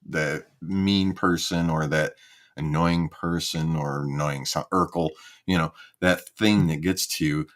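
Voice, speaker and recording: Deep-voiced man, rambling, hesitant casual talk. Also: a bit bright. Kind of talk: casual chat.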